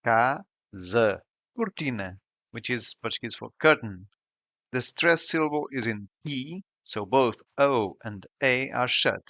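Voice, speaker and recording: A man narrating a scripted language lesson in a slow, careful, explanatory way. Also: medium pitch, creaky, pushed and bright, no room sound, dull audio. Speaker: language teacher.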